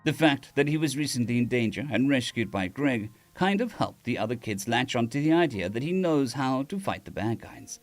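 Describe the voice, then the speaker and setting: A man's voice: medium pitch, expressive, normal speed, few pauses, faint music behind. A man reading a story aloud on a live stream, with casual restarts and asides to chat.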